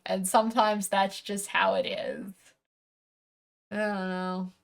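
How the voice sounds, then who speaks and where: A woman streamer talks to her viewers while opening a package, in a loose, rambling chat. She restarts sentences, corrects herself as she goes, and swears offhandedly. Her voice sits at an ordinary mid-range pitch. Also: measured pace, gravelly, a bit bright. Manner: rambling, self-correcting, casually swearing, chuckling.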